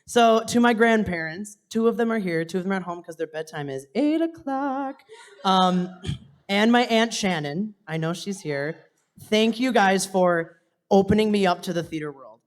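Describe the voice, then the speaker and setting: Young male stage performer, emotional thank-you to family in the audience, earnest, sometimes hushed. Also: sits high. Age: young adult. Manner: heartfelt, voice dropping to a whisper at times, laughing between phrases.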